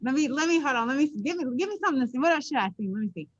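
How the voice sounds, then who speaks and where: A woman physics teacher giving a relaxed classroom lecture, playful and chatty, often checking in with her students. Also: high-pitched, racing, dull audio, crowd noise.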